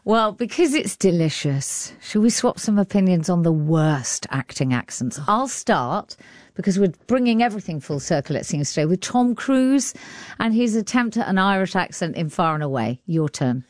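Woman host, arts radio, low and animated, dry booth. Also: moderate pace, no echo. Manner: animated, chatty presenting with laughs.

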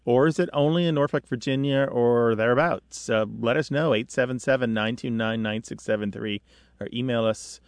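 A man hosting a call-in radio show, chatting with callers and explaining word history in a lively storytelling way. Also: mid-range voice, moderate pace, dry recording. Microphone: studio microphone.

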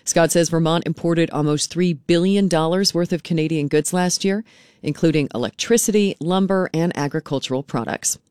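A woman hosting local public radio news in a steady, clear announcer delivery. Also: fairly low pitch, normal speed, no room sound, clean studio sound. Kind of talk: local newscast and station announcements.

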